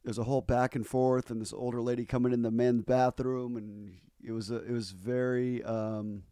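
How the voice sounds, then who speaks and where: A man in easygoing conversation, his voice mellow and a little dark. He rambles through stories with plenty of fillers and false starts. The sound is close and dry. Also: medium pitch, little pitch movement, normal speed, smooth, no echo. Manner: rambling storyteller with frequent fillers and restarts. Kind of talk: casual chat.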